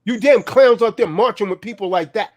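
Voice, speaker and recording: A man's voice: sits high, fairly quick, a little mellow, slight background noise. A man delivering a heated, profane political rant in a preaching manner, tagging "man" onto his lines.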